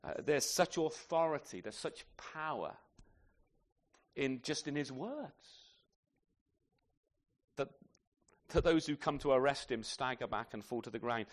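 A man's voice: medium pitch, unhurried, long pauses. A man preaching a sermon, emphatic and full of rhetorical questions, sometimes speaking to the children. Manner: addresses children in the congregation.

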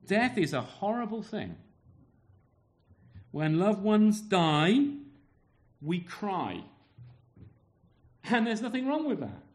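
A man's voice: sits high, very animated, takes it slowly, long pauses, darkish tone. A man preaching a sermon, asking the congregation rhetorical questions and often repeating his words.

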